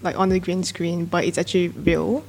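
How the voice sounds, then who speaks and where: A woman's voice: lowish voice, little pitch movement, moderate pace, darkish tone, slight background noise. A woman as a student guest in a casual discussion, speaking earnestly with fillers.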